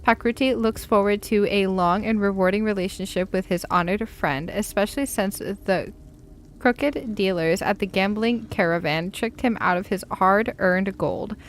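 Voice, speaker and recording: A woman voicing a gentle merchant from a fantasy game who talks about himself in the third person. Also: mid-range voice, normal speed, slight background noise, lightly acted. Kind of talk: reading a game letter aloud.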